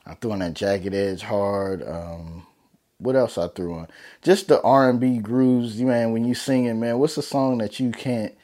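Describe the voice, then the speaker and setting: A young man speaks a little slowly in a warm, fairly low voice, giving a casual motivational talk to camera for his vlog. He addresses viewers earnestly and loosely, in slang peppered with "man" and "you know."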